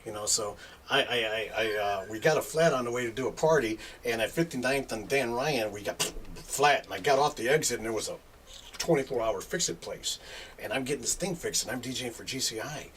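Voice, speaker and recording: A man's voice: mid-range voice, a little fast, a bit bright. A middle-aged man, a guest DJ telling rambling stories in casual chat, laughing and dropping filler asides. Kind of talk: casual storytelling. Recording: distant mic with faint background noise.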